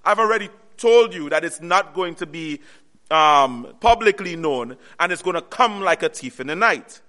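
A male preacher with a high, bright voice delivers an earnest sermon. He repeats his key phrases and uses call-and-response, stopping on "what?" so the congregation can complete the verse. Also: animated. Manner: call-and-response, pausing on "what?" for the audience to finish.

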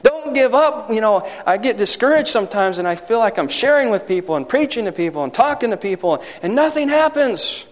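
A man preaching a sermon to a congregation, swinging from loud emphatic peaks to quiet asides and asking the listeners for amens. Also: high voice, big pitch swings, brisk, few pauses. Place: hall or church. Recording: long hall reverb.

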